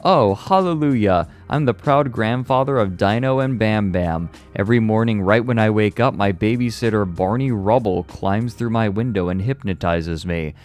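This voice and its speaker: A man's voice: fairly low pitch, moderate pace, few pauses, darkish tone, soft background music, lightly acted. A man doing a goofy caveman boasting. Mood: hammy, silly.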